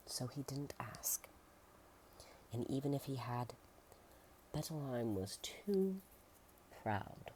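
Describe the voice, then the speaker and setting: In a soft, medium-pitched voice, an ASMR narrator reads a storybook aloud, slipping into whispers and tossing in playful asides. There's slight background noise.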